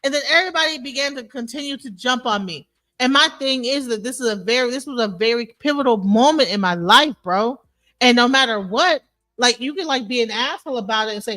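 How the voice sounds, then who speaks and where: A woman's voice: on the high side, a little fast, fairly bright tone, no echo. A woman on an open panel, arguing heatedly, repeating herself and swearing, calling the other man bro and sir. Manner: emphatic, repetitive, swears freely, says bro and sir. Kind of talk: heated argument.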